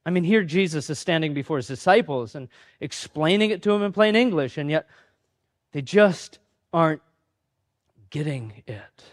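A man's voice: a little high, animated, moderate pace, pauses often. A man preaching a sermon in a conversational, self-deprecating way, acting out the voices of the people he quotes. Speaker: pastor.

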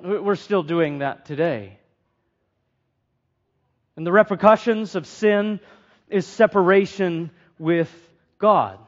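High-voiced preacher, lo-fi sound. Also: male voice, takes it slowly, long pauses. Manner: earnest, asks the congregation questions, repeats phrases for emphasis. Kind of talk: sermon. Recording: dull lo-fi sound.

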